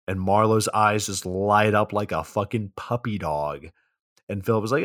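A man co-hosting a podcast and recapping a film plot in loose, casual chat. His voice sits low and sounds dry and close, and his delivery is laid-back with plenty of swearing. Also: normal speed, a bit bright, dry recording. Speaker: podcast co-host.

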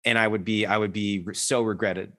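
Earnest rambling man, lowish voice. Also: fairly even intonation, brisk, fairly bright tone. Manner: earnest, rambling, many restarts and fillers. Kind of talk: reflective casual conversation.

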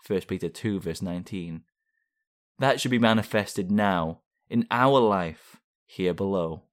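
A man reading a devotional aloud in a measured, formal way, with scripture passages. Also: deep voice. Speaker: devotional reader. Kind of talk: read devotional.

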